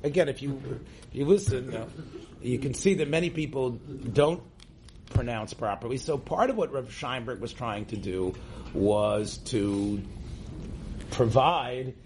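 In a classroom with an audience, an American rabbi gives an informal religious lecture in a medium-pitched, somewhat mellow voice at a measured pace, with slight background noise. He speaks conversationally, often restarting and checking in by asking "right?".

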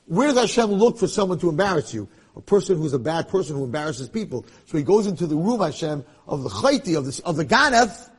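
Animated, husky-voiced man lecturing on scripture. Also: high voice. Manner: animated, swings between hushed and loud passionate emphasis. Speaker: rabbi. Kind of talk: Torah lecture.

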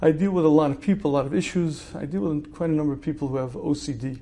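A man's voice: a little high, fast talker, dark tone. Conversational man teaching with rhetorical questions. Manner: conversational, rhetorical questions, clears throat often. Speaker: religious teacher. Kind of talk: lecture.

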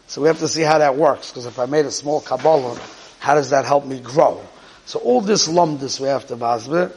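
A man's voice: mid-range voice, brisk, darkish tone, breathy edge, low-quality recording. A man teaching a Torah lesson, explaining steadily and repeating key words as he goes. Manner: explanatory, repeats key words, mixes Hebrew and Yiddish terms. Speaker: rabbi teaching a class.

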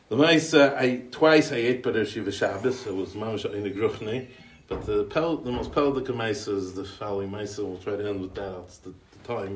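In a fairly low voice, an American man gives a chatty, anecdotal eulogy laced with Yiddish and Hebrew yeshiva terms. He rambles, restarts, and chuckles along the way. The distant-mic recording is roomy, with a little hiss or hum.

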